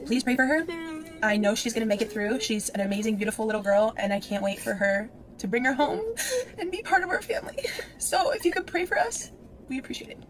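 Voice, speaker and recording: A woman's voice: a little high, expressive, quick pace, crowd noise, rough recording. A woman vlogging to her followers, speaking in an earnest, coaxing way. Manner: coaxing, repetitive instructions. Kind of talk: vlog.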